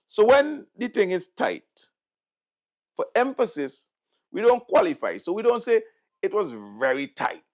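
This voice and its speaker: A middle-aged man with a Vincentian accent, hosting political commentary in a mocking, sarcastic manner and repeating words for emphasis. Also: sits high. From St Vincent and the Grenadines. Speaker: host.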